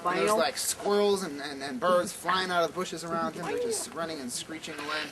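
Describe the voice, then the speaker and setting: A man telling a comic story at a campfire, animated with many stammering restarts. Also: on the high side, a little fast, over a noisy crowd. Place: outdoor campfire at night. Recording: noisy outdoor camp recording.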